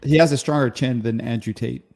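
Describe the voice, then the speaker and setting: A man's voice: medium pitch, brisk, darkish tone. A man co-hosting a casual podcast, reacting and asking puzzled follow-up questions. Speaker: podcast co-host. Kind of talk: casual comedic chat.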